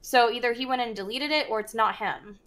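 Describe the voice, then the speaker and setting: A woman's voice: fairly high pitch, fairly quick, a bit bright. A woman talking casually on a stream, chatty and hedging, laughing between remarks.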